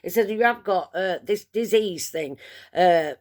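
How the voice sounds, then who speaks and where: A woman's voice: on the low side, a little slow. A woman chatting to camera, telling a long story in a rambling, self-mocking way. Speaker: vlogger. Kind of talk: casual storytelling.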